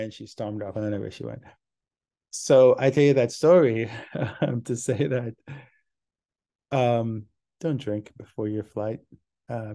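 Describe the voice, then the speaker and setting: A man hosting a podcast, telling a story in a relaxed, rambling way. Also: fairly low pitch. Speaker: podcast host. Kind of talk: casual podcast monologue.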